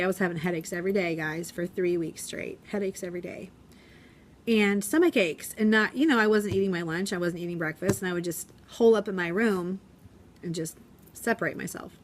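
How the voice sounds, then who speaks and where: A woman's voice: medium pitch, fairly bright tone. Chatty woman teacher vlogging. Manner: chatty, rambling, acts out quotes in voices. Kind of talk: casual vlog chat. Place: school classroom.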